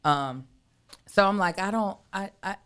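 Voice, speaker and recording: A woman co-hosting a podcast in casual chat, blunt and animated as she calls things out. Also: mid-range voice, unhurried, clear, resonant tone. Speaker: podcast co-host.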